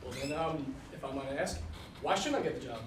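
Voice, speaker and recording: A man's voice: medium pitch, a little fast, natural voice. A young man in a student comedy sketch playing an incredulous, exasperated job applicant. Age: young adult. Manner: incredulous, giggly. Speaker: sketch actor. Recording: echoey room, far mic, noisy.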